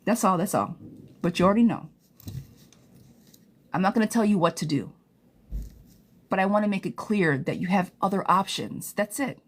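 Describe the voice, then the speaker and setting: Woman, live tarot reader, higher voice, blunt and swears freely, impassioned advice. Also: fairly bright tone. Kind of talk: live-stream tarot reading.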